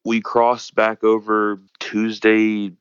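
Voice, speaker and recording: A young American man in his twenties, answering interview questions in a halting way with fillers and repeats. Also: fairly low pitch, completely flat delivery, smooth, dry recording, lo-fi sound. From United States. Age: 20s. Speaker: interviewee, volunteer fighter.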